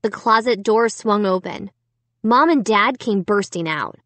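A woman's voice: mid-range voice, slow pace, a bit bright, dry recording. A woman narrating a children's horror audiobook in first person, reading with suspense.

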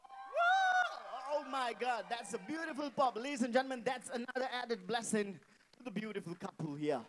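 A man's voice: very high voice, lively intonation, brisk, low-quality recording. A man acting as the MC at a wedding reception, hyping the crowd on a handheld mic and repeating his phrases. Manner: hypes the crowd, repeats phrases, calls for noise. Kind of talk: live wedding reception hosting. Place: indoor reception hall. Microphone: handheld microphone.

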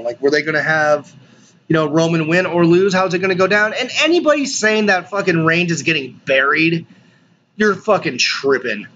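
Fired-up podcast guy rambling solo, swears a ton, bit high voice, faint hiss behind. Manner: excited, swears a lot, restarts sentences. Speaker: podcast host. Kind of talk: casual solo podcast commentary. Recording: dull lo-fi sound with faint noise.

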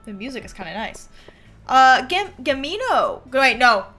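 High, lively woman streaming a game. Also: normal speed, faint music behind. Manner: chatty, reacts aloud to the game, talks to chat. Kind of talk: casual live-stream game commentary.

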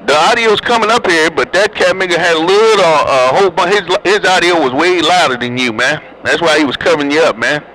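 A man's voice: fairly high pitch, brisk, hardly any pauses, bright, forceful tone, rough recording. A man chatting and teasing other drivers over a CB radio in slangy, joking banter. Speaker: CB radio operator. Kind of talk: casual CB radio chat.

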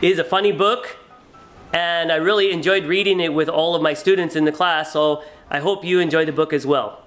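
A teacher hosting a children's read-aloud, introducing a picture book in a friendly, lively tone. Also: medium pitch, brisk, rough recording. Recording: soft background music.

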